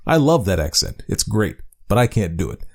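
A man hosting a short-story podcast, talking through his intro in a chatty, animated way. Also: on the low side, moderate pace. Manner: lively, animated delivery. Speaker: podcast host. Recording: faint music behind.

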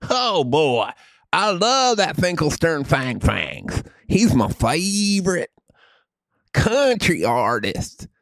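A man voicing a loud, boastful redneck country-music fan with a Southern accent, crude and drawling. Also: on the high side, very animated, slow pace, dry recording, studio quality, pitched above the performer's own voice, exaggerated voice.

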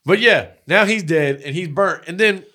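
A man co-hosting a podcast, chatting casually and profanely, retelling a movie with excitable energy. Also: high-pitched, moderate pace. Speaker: podcast co-host. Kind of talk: casual chat.

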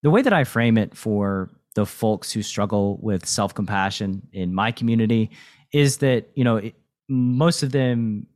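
A man's voice: fairly low pitch, unhurried, a little mellow. A man hosting a podcast interview in a reflective, coaching tone, often checking in with "right?". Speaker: podcast host. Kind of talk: casual interview chat.

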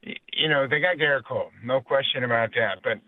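A man who works as a baseball color analyst, calling into a radio show and giving a casual, halting breakdown full of "you know" fillers. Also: medium pitch, no room sound. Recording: tinny phone line.

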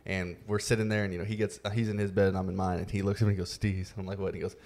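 A man hosting a podcast, telling a story in a relaxed, casual way with many fillers. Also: deep voice, rapid-fire. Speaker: podcast host. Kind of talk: casual chat.

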